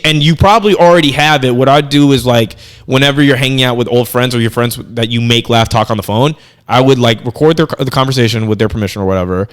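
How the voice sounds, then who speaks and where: Profane rambling comedian coaching a friend. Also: male voice, medium pitch. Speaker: comedian and podcast host. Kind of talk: casual chat.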